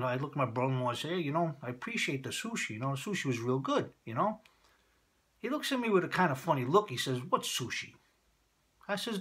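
A man's voice: medium pitch, bright, forceful tone, slightly rough. A man with a Brooklyn accent telling a rambling, folksy story to camera in a vlog, repeating himself often. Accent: Brooklyn, New York. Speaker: vlogger.

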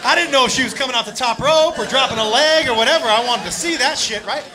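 A man telling a loud, profane story as a stand-up comedian, acting out the people in it. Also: very high voice, quick pace. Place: comedy club stage with laughing audience. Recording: live club recording with crowd noise.

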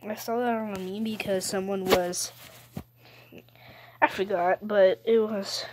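A woman's voice: medium pitch, fairly even intonation, measured pace, noisy background. A woman giving playful, rambling commentary while playing a video game, breaking into giggles, squeals and cheers. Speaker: gaming video host. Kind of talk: playful live gameplay commentary.

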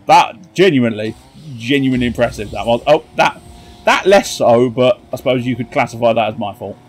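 A man with a jokey, excitable manner, commentating his own car football match and cheering on his teammates. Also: medium pitch, fairly quick, slightly rough. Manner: excitable, cheering on teammates with shouts and silly jokes. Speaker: gaming commentator.

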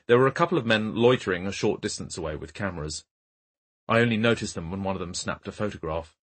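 A man reading an audiobook mystery in a calm, dry, even manner. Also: low-pitched, fast talker, breathy edge. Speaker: audiobook narrator. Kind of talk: scripted audiobook narration.

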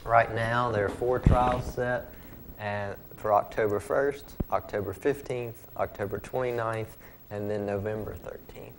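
A man, a guest legislator, talking in an earnest, measured way over dinner. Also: lowish voice, steady tone, background noise. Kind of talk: casual chat.

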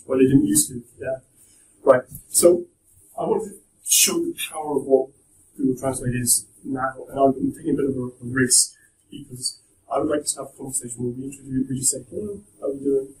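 A man's voice: mid-range voice, fairly even intonation, brisk, a little mellow, recorded from a distance. Joking man lecturing in an echoey room. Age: young adult. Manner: chatty, joking, with restarts. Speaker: guest speaker at a university talk. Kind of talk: casual presentation to students.

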